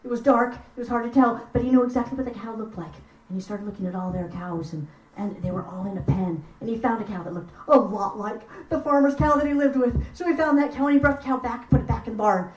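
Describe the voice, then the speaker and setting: A woman telling folk tales at a live house concert, expressive and chatting with the audience. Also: fairly high pitch, fast talker. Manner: expressive, lively, chats with the audience. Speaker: storyteller. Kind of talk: live storytelling performance. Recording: roomy sound from far off.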